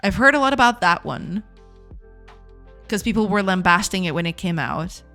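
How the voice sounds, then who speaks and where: A woman's voice: medium pitch, expressive, normal speed, bright, forceful tone, faint music behind. A woman streaming game development live, chatting casually with her viewers, laughing often and repeating herself in a self-deprecating way.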